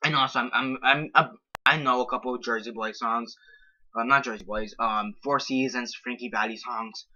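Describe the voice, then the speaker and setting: A man's voice: mid-range voice, steady tone, normal speed, sharp tone, highs cut off. A man giving a casual movie review who rambles, hesitates often and keeps circling back with "so yeah". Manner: rambling, repeats "so yeah" with many ums.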